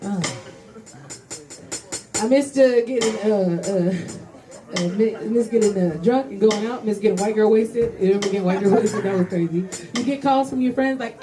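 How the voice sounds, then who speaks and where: A woman's voice: medium pitch, normal speed, over music. A young woman doing a loose, rambling stand-up set in a comedy club, often laughing between lines. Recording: live club recording with crowd laughter.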